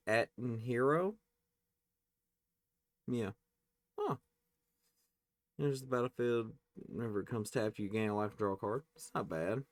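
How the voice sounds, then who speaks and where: A man hosting a casual pack-opening video, reading card names aloud and tossing in quick offhand reactions. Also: medium pitch, dry recording, clean studio sound. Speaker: card-opening channel host.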